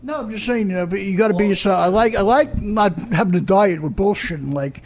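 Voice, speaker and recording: A man's voice: high-pitched, fast. A man guesting on a comedy talk show, rambling and swearing as he defends himself. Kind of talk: casual talk show banter.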